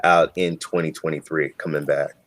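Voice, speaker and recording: Very deep-voiced man, dry close sound. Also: little pitch movement, normal speed, no echo. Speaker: podcast co-host. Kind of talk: casual chat.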